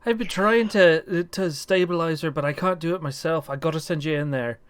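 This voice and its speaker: A man voicing an earnest, worried Irish woman doctor in a tabletop game, speaking a little haltingly. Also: a little high, smooth, dry recording, lightly acted.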